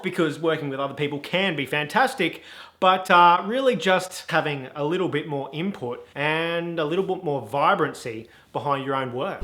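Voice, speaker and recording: A young man talks to camera in a loose comic monologue, mocking himself as he goes. His voice is bright and sits a little high, and he rambles from one analogy into the next. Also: normal speed, faint music behind. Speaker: vlogger.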